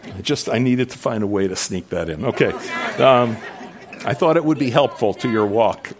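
A man's voice: mid-range voice, moderate pace, crowd noise. A male pastor preaching a sermon, rambling and conversational at times and building to emphatic, raised delivery at others.

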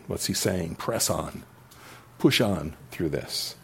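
Husky low-voiced male preacher. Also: expressive, takes it slowly. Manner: reads scripture aloud with rising emphasis, then explains casually. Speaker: pastor. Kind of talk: sermon.

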